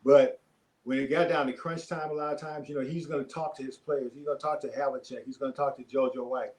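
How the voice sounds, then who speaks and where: An older man, a former basketball player, telling stories as a podcast guest in a relaxed, rambling way with many fillers. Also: medium pitch, fast talker, poor audio. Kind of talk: casual storytelling.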